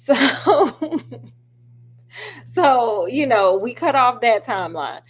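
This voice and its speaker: A woman's voice: fairly high pitch, animated, very slow, pauses often. A woman reviewing a film in a casual, sassy, chatty way. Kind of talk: casual chat.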